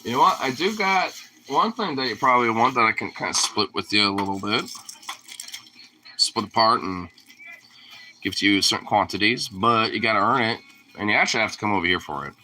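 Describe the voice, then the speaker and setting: A man's voice: fairly low pitch, fairly quick, bright, forceful tone, a little hiss or hum. A young man casually filming his dog and teasing it in playful baby talk.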